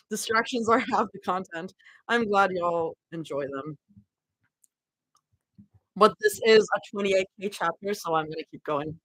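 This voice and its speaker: A woman's voice: medium pitch, normal speed, fairly bright tone, dry recording, poor audio. A young woman streaming a live reading, giggly and chatty, easily sidetracked between passages. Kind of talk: casual live reading and chat.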